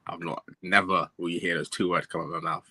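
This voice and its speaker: Low, bright-toned young man. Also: flat delivery, quick pace, breathy edge. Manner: emphatic, keeps saying bro. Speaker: guest pundit. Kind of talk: casual football chat.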